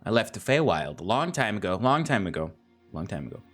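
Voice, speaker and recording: A man's voice: on the low side, big pitch swings, brisk, fairly bright tone, soft background music. A man doing a tiny musing fey mouse woman. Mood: wistful. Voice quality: musing, repeats her words.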